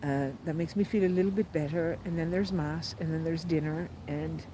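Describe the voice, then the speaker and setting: A woman's voice: deep voice, fairly even intonation, normal speed, noisy background. A woman telling a personal diary vlog as a pilgrim, earnest and rambling, with many fillers and restarts. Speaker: pilgrim vlogger.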